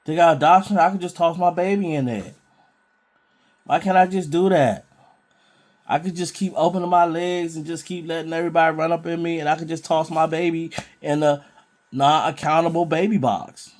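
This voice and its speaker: A man's voice: fairly high pitch, steady tone, normal speed, a little mellow, close to an everyday voice. A man voicing a careless young woman who defiantly excuses herself. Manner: defiant, self-justifying.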